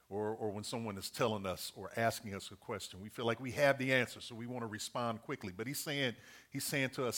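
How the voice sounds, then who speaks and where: A man's voice: medium pitch, a bit bright. Earnest man preaching a sermon. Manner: earnest, repeats key points, numbered list.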